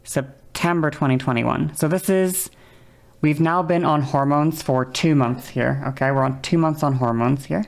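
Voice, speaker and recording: A young woman talks openly on her livestream, circling back over the same points as she reflects. Her voice sits low and carries a gravelly fry. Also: moderate pace. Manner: candid, reflective, repeats herself. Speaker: streamer. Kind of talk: casual livestream chat.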